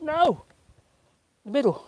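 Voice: high voice, sing-song, takes it slowly, mellow. Chatty DIY vlogger. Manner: chatty, mutters to self, swears and laughs. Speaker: vlogger building a greenhouse. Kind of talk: casual DIY chat. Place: windy garden outdoors.

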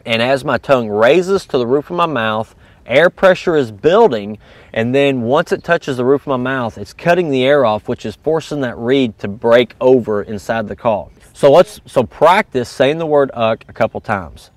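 A man's voice: medium pitch, expressive, normal speed, dry recording. A man teaching goose calling in a casual, step-by-step coaching manner. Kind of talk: instructional video lesson.

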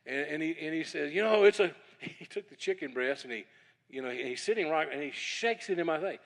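A middle-aged male preacher speaking at a church evening service. He tells a funny anecdote as a lively storyteller and keeps insisting that it is a true story. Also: a little high, a little fast.

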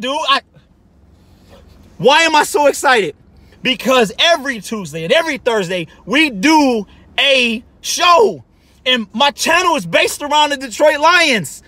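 Guy on his vlog, way too hyped, high pitch, keeps saying the same thing over and over. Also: expressive, measured pace, sharp tone, no room sound. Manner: breathless, gushing, repeats exclamations. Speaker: sports channel host and delivery driver. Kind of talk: excited vlog monologue.

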